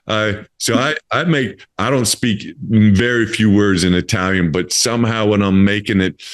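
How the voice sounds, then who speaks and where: A man's voice: on the low side, moderate pace. A man in his fifties hosting a casual interview, talking in a rambling way with many fillers and restarts. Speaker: podcast host.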